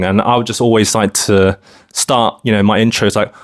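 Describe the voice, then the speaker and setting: A man's voice: on the low side, steady tone, brisk. A man from London talking casually to camera in a rambling vlog monologue, full of filler phrases. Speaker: vlogger.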